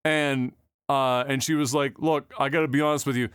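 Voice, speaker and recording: A man's voice: medium pitch, flat delivery, moderate pace, a bit bright, smooth, dry recording, clean studio sound. A man co-hosting a podcast, chatting in a loose, rambling way and laughing easily. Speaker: podcast co-host. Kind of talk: casual podcast chat.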